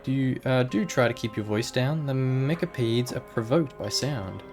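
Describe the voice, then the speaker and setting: A man's voice: medium pitch, normal speed, darkish tone, soft background music, natural voice. A man voicing a prim late-middle-aged woman librarian who speaks sweetly but sharply and calls people dearie, while reading game dialogue aloud. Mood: sugary.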